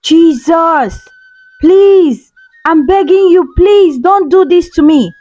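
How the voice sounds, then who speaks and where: A woman's voice: extremely high pitch, slow pace, dark tone, no echo, lo-fi sound, faint music behind, voice pushed up. A woman voicing a terrified young orphan girl who begs tearfully. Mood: desperate. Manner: begging, tearful.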